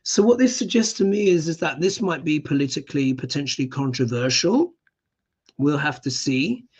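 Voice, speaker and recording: A man's voice: fairly high pitch, lively intonation, moderate pace, slightly rough. A man hosting a live astrology show, reading tarot cards and ranting with emphatic passion.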